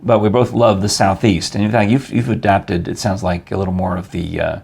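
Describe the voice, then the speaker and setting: A man's voice: low voice, little pitch movement, brisk, gravelly, darkish tone, breathy edge. An older man from New York hosting a casual interview show, chatty and rambling, laughing often. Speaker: talk show host.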